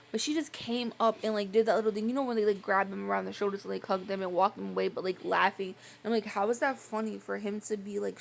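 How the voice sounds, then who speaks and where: A young woman vlogger telling personal stories in a quiet, rambling, casual way, filling her talk with "like". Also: medium pitch, creaky, a little hiss or hum. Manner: rambling, filler-heavy with frequent "like"; quiet, soft-spoken. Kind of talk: casual storytelling chat.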